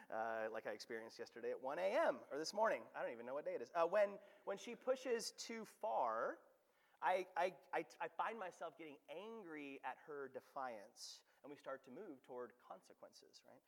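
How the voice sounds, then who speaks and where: Man, young adult, pastor, sermon, animated and conversational, high voice, echoing church hall. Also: moderate pace. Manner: animated, conversational, frequent restarts and "right?" asides. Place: church sanctuary. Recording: long hall reverb.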